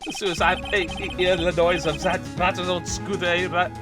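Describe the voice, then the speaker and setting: A man's voice: high-pitched, level tone, brisk, voice pushed up, lightly acted. A man putting on a fretful French chef. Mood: frightened. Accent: French, put on. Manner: dramatic, melodramatic complaining. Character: flamboyant, fretful middle-aged male French chef. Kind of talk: reading game dialogue aloud. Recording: music playing under the voice.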